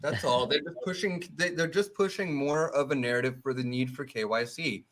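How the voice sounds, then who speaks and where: A man co-hosting a podcast, chatting casually in a joking, sarcastic, animated way. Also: medium pitch, fairly quick. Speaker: podcast co-host.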